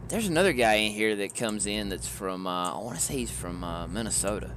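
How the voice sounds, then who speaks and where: A man from Georgia with a Southern accent, chatting with his stream viewers in a relaxed, rambling way, often chuckling. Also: lowish voice, brisk, hardly any pauses, slight background noise. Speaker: live streamer. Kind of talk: casual chat with stream viewers. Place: in a car.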